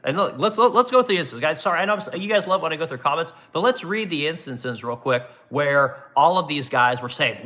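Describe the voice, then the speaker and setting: A man's voice: on the high side, animated, fairly quick, hardly any pauses, pushed and bright, muffled recording. A man hosting his own show, ranting bluntly with constant swearing while reading and answering viewer comments. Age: adult, runs business ten years. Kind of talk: casual profane commentary.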